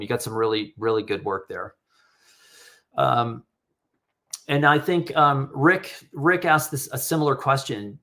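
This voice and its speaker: A man's voice: medium pitch, pushed and bright. Candid middle-aged man hosting live critique. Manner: candid, rambling, reads audience questions aloud. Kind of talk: casual live-stream talk.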